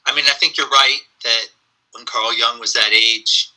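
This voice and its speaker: A man with a very bright, sharp tone chats as a podcast guest. He muses on ideas and slips into lively storytelling, throat-clearing and saying "um" as he goes. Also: medium pitch, normal speed, low-quality recording. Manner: animated storyteller, frequent fillers. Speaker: podcast guest, spiritual teacher. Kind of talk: casual reflective conversation.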